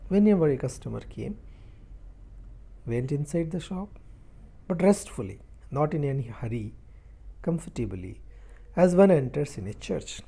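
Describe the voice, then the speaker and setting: A male teacher with a mellow, unhurried voice works through a story aloud. He reads a line, then circles back to explain it in plainer words, pausing and restarting as he goes. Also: a little high, gravelly. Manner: halting, with repeated words and restarts.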